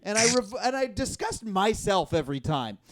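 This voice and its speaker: A man's voice: high voice, sing-song, normal speed, a loud crowd. A man hosting a live stand-up comedy show, rambling and self-deprecating, often laughing at his own jokes. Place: live comedy venue with audience.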